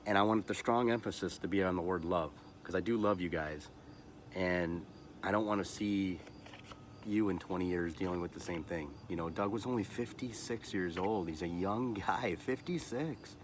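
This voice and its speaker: A man's voice: sits low, slight background noise. A man in his thirties hosting a podcast, talking through a personal, emotional monologue that halts, repeats words and restarts often, with motivational asides. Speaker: podcast host.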